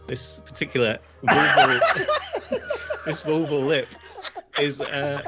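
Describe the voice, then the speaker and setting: A man with a middle, very lively voice, halting as he presents his answer over a video call and laughing at himself. Clear music plays behind him. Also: fairly high pitch, lo-fi sound. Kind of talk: casual banter among friends.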